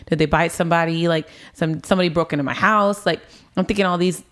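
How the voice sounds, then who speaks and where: A woman in her twenties talks fast to an interviewer about her life, her fairly low voice bright in tone and fairly even in intonation. She's casual, leaning heavily on "like" and "um", and acts out the dialogue of people involved.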